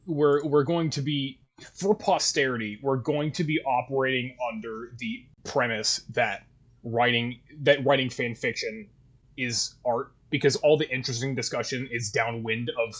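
A young man with a Canadian accent co-hosts a podcast, his voice slightly husky. He talks in a wry, joking way and swears freely in casual chat. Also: mid-range voice, fairly even intonation, normal speed, fairly bright tone. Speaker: podcast co-host.

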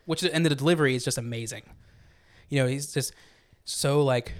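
Fast-talking excited young man. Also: mid-range voice. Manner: fast, enthusiastic, rambling with many fillers. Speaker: podcast co-host. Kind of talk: casual music review chat.

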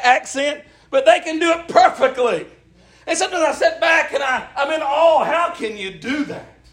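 High-voiced preacher, echoey church. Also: male voice. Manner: impassioned, rising to shouts, folksy. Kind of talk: sermon with call and response.

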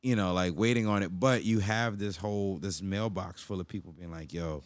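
A man with Jamaican parents hosting a podcast, asking rambling questions and telling stories in an animated way. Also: low voice, a little fast, no room sound. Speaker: podcast host. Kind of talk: casual podcast interview.

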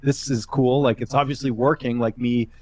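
A man's voice: medium pitch, fairly even intonation, normal speed, no echo. A man who works as a fight-sport journalist, a guest on a podcast, chatting casually and telling rambling stories full of filler words. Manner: rambling, filler-heavy storytelling with advice.

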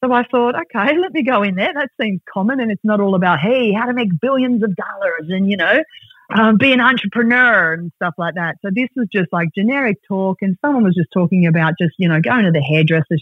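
A woman's voice: lowish voice, breathy edge, dry recording. Bubbly Australian woman on a tinny line. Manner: bubbly, animated storyteller who acts out quotes. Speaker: podcast guest. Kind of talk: casual interview chat. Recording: dry, tinny phone-like line.

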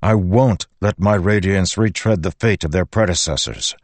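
A man's voice: low-pitched, normal speed, dry recording. A man voicing a troubled older warlord king, speaking earnestly and pressingly.

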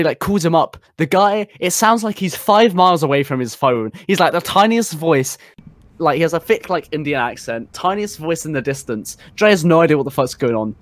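A man's voice: fairly high pitch, dry recording. A young man co-hosting a casual podcast, telling a long profane story with lots of fillers and restarts. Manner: rambling, profane, laughing storyteller. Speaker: podcast co-host.

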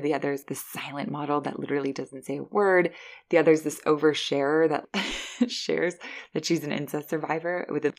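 A woman hosting a podcast, giving a chatty, animated recap of a movie. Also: low-pitched, vocal fry. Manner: chatty, animated storytelling with laughs. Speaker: podcast host reviewing a film.

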